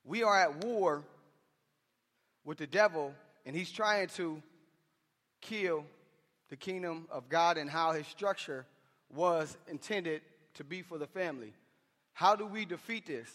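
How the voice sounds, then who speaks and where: A man with a high voice preaches a sermon, speaking in an impassioned, conversational way with slangy asides. His voice carries through a large church hall, trailing a long reverb behind every phrase. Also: measured pace, pauses often, a bit bright.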